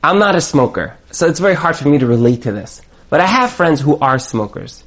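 Male marriage coach, preacher-like and repetitive, with a voice that swings widely in pitch. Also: big pitch swings, brisk, fairly bright tone. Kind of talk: motivational talk.

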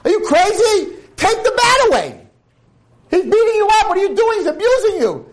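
A man's voice: very high-pitched, very animated, normal speed, pitched above the performer's own voice, rough recording. A man voicing a pushy woman friend in a told story, exclaiming urgently. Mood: alarmed.

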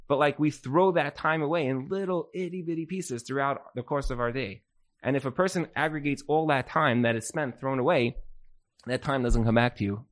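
A man's voice: medium pitch, fairly quick. Casual storytelling male teacher. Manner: casual and storytelling, with many "like" fillers. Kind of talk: informal motivational class talk.

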